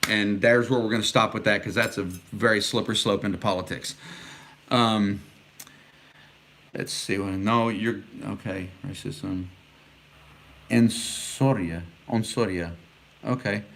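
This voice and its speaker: A man's voice: lowish voice, fairly bright tone. A middle-aged man from Texas, chatting casually and earnestly on a livestream, rambling with many fillers as he answers viewers' comments. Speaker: vlogger answering live comments.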